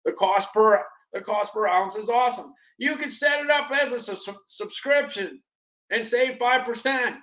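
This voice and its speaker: A middle-aged man hosting a casual livestream, rambling and repeating himself, with sudden excited bursts. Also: very high-pitched, moderate pace, low-quality recording. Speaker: livestream host reviewing products. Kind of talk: casual livestream product chat.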